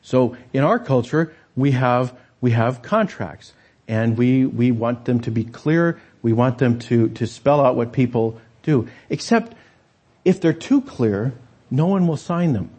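A man's voice: medium pitch, animated, a little slow, mellow, husky. A man preaching a sermon as pastor, talking conversationally and turning to the congregation with rhetorical asides.

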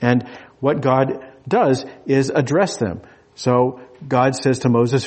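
A man giving a sermon with a husky, slightly breathy voice at a middle pitch. He talks in an easy, conversational way, stumbling over restarts and chuckling between points. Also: fairly even intonation, measured pace, a little mellow. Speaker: preacher.

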